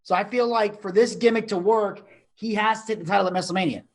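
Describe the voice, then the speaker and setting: A man's voice: high voice, fairly even intonation, quick pace. A man co-hosting a casual podcast, chatty and explaining his picks at length. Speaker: co-host.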